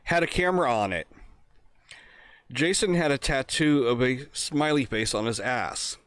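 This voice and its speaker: A man from Pennsylvania tells a crude prank story in casual podcast chat, swearing freely and breaking into laughter. His voice sits at an average pitch. The recording is dry and close. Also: expressive, unhurried, a bit bright, clear, resonant tone, no echo. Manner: profane, laughs through his own story. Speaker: podcast co-host.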